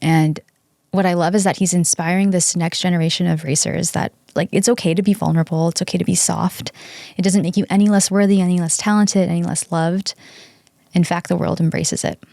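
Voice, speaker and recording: Female podcast host, earnest fan recap, lower pitch, dry and close. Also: steady tone, a little fast, vocal fry, mellow, no echo. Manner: earnest, gushing fan retelling. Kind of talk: casual podcast chat and recap.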